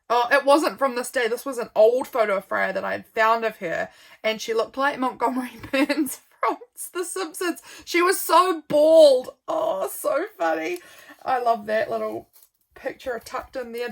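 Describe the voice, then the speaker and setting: This journal vlogger is a young New Zealand woman whose voice sits on the high side, bright with some vocal fry. Slightly yawny, she chats her way through her journal pages in a loose, rambling way, full of ums and relaxed laughs.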